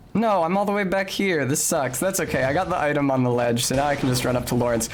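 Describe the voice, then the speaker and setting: A man's voice: a little high, fast, a little hiss or hum. A man streaming a video game, chatting casually with precise, articulate diction and sudden bursts of swearing at the game. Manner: talks of sounding like a snob. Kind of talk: casual gameplay commentary.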